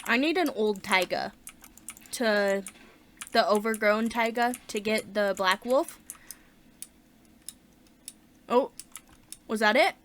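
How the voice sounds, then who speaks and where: एक महिला अपना गेम खेलते हुए बातचीत के अंदाज़ में कमेंट्री करती है, ज़ोर से सोचती है और बीच-बीच में उत्साह से उछल पड़ती है।. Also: female voice, mid-range voice, measured pace, pauses often. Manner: chatty, thinks aloud, bursts of excitement. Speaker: gaming channel host. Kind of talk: casual let's-play commentary.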